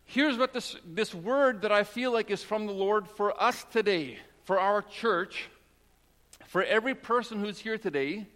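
A man preaching a sermon as pastor of his church, talking in a casual, joking way and dropping into a soft, low voice when he prays. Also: a little slow. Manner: conversational and joking, with prayers spoken low and soft. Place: church sanctuary. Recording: long hall reverb.

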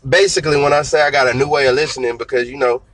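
A man's voice: mid-range voice, very fast, no room sound, low-quality recording. Man in his thirties telling stories, dry sound. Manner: relaxed storytelling, slangy, repeats "you know what I'm saying". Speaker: singer and guest. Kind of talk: casual conversational interview.

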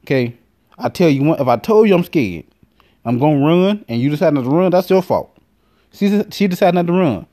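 A man's voice: on the high side, fairly quick. Profane man telling a comic story. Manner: profane, animated, lots of fillers. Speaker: podcast host. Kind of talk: comedic storytelling monologue.

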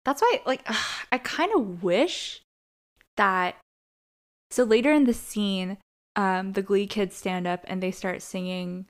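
A woman co-hosting a podcast, recapping a TV episode in loose, casual conversation. She leans on fillers and quick asides. She mimics the characters' lines as she retells the scenes. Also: medium pitch. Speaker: podcast co-host.

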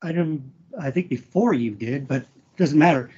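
A man talking as a podcast guest about an old friend, halting with restarts, emotional and swearing freely. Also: on the high side, a little mellow, breathy edge, muffled recording. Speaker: guest, former wrestler. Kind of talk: casual podcast interview.

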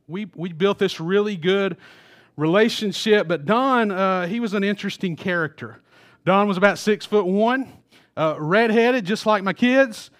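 Man, middle-aged, pastor, high voice, casual storytelling sermon. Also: fairly bright tone. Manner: casual storytelling with chuckles and restarts.

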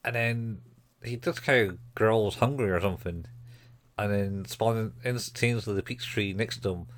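A man in casual chat, animatedly retelling scenes and slipping into quick character voices. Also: on the low side. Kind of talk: casual chat recapping a show.

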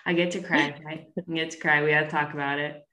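A woman hosting a podcast, gently guiding listeners through a reflection exercise. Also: low-pitched, flat delivery, quick pace, roomy sound. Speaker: podcast host.

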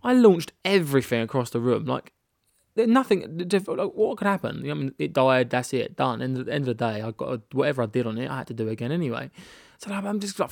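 A man's voice: medium pitch, vocal fry, no room sound, clean studio sound. A young British man hosting his own podcast, talking candidly in a rambling way with frequent restarts and self-deprecating laughs, recorded in a rented holiday annex. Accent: British English. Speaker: podcast host. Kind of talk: candid solo podcast monologue.

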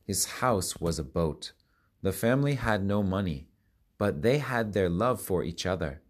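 A man with a lowish voice reads children's stories aloud, slow and careful, each sentence set down evenly. The recording is dry and close, with no room sound. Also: dry recording. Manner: slow, careful, even reading. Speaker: children's book reader. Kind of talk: storybook read-aloud.

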